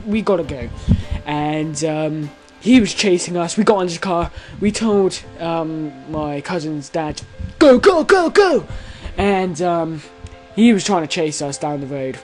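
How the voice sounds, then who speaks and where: A young man in his late teens telling a story to camera in a rambling, excitable way, full of fillers, restarts and swearing. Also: fairly high pitch, a little slow, soft background music, poor audio. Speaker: vlogger.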